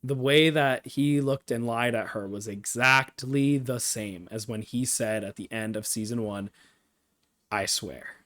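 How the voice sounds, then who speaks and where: A man streaming live, recapping and analyzing a TV episode with excitable, emotional fan reactions and rambling asides. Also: medium pitch, a little slow, few pauses.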